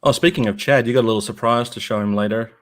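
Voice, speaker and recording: A man's voice: mid-range voice, quick pace. An Australian man co-hosting a casual livestream chat, telling stories animatedly and laughing at himself. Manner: laughs often, self-deprecating, animated storytelling. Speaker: co-host.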